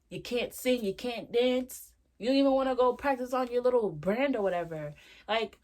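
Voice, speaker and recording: A young woman in her twenties talking candidly in a casual video diary, reflective and slangy, full of fillers. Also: fairly low pitch. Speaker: vlogger.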